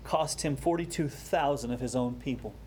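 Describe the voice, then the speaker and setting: A man preaching a sermon, explaining a scripture passage with rising emphasis and quieter, slower asides. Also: mid-range voice, a little hiss or hum. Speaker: pastor.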